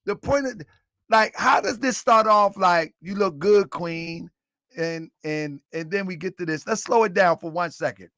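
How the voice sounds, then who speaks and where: High-voiced man moderating a stream. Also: normal speed, dry recording, clean studio sound. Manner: interrupts to calm guests, repeats "hold up". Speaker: host.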